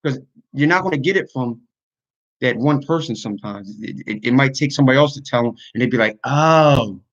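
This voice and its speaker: A man's voice: medium pitch, fast talker, lo-fi sound. Earnest man venting on a livestream. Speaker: YouTuber and podcaster. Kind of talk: casual livestream talk.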